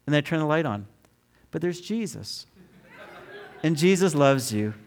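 A middle-aged man preaching a sermon, telling a personal story with acted-out quotes and emphatic shifts in pitch and volume. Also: expressive, unhurried, long pauses. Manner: storytelling, acts out quotes loudly. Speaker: pastor.

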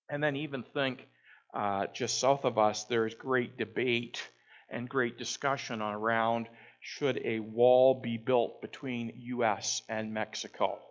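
A man telling a personal story in a reflective talk, unhurried and pausing often with "uh". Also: mid-range voice, dull audio. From Canada. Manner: unhurried, with frequent "uh" pauses. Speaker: speaker.

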